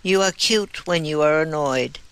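Smug teasing male spaceman, put on by the narrator: gravelly, unhurried, dry studio sound. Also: fairly high pitch, a bit bright, dry recording, low-quality recording. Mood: mocking.

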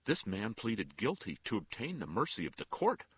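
An earnest nun presses her case firmly, her pitch climbing as she pleads. The voice has a husky grain and a dry, close sound, with a male narrator putting her on. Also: huge pitch swings, a little fast, no echo, lo-fi sound, exaggerated voice. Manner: firm, pleading. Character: earnest, strong-willed woman, a nun.

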